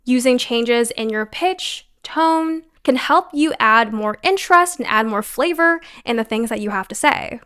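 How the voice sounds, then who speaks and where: A young woman delivers scripted self-improvement advice in a fairly high voice. She coaches the listener directly and acts out the techniques she describes. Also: lively intonation, a little slow, few pauses, a bit bright, clean tone.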